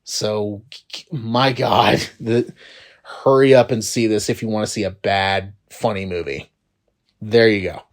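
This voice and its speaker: A man's voice: steady tone, a little slow. Exasperated man ranting about movies. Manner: exasperated, profane, swings between low mutters and loud rising outbursts. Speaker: movie reviewer. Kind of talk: casual ranting movie review.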